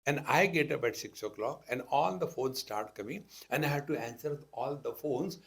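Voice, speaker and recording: A man's voice: medium pitch, a little fast, vocal fry, hardly any pauses. A man with an Indian accent giving a spiritual discourse, telling stories and acting out the dialogue with wry humor. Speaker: spiritual teacher. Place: talk to a live audience.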